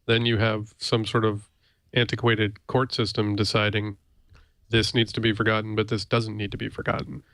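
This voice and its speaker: A man appearing as a guest on a casual tech panel chat, making measured, questioning points. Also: on the low side, little pitch movement, a bit bright, no echo.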